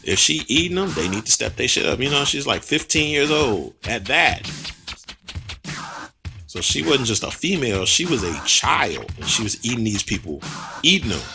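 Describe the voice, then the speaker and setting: A man giving a casual, animated film review, blunt and slangy with lots of asides. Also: mid-range voice, moderate pace, creaky, over music.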